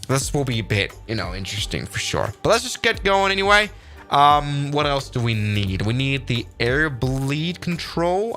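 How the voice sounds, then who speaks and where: A man streaming a flight simulator, narrating each step in a casual, rambling and upbeat way. His pitch swings widely as he thinks aloud, and music plays clearly behind him. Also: bright, forceful tone. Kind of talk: casual live-stream gameplay commentary.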